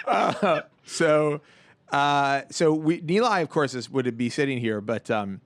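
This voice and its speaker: A man's voice: a little high, expressive, extremely slow, a bit bright, no echo. A man hosting a podcast in a studio, talking casually, rambling and joking, laughing often. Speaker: podcast host. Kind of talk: casual chat. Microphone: studio mic on a boom arm.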